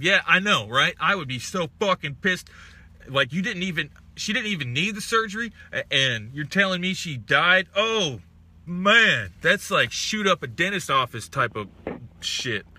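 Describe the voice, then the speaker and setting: A man's voice: fairly high pitch, expressive, normal speed, bright, forceful tone. A young man from Texas hosting a casual live stream, greeting viewers and ranting with heavy profanity.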